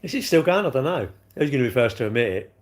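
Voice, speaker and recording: A man's voice: medium pitch, big pitch swings, quick pace. A man rambling cheekily through a casual live stream, bantering with viewers and swearing freely.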